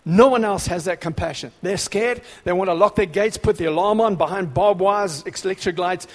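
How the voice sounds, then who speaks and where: A man's voice: high-pitched, normal speed. Dramatic preacher man in a reverberant hall. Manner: dramatic, swings between hushed and shouting. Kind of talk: sermon.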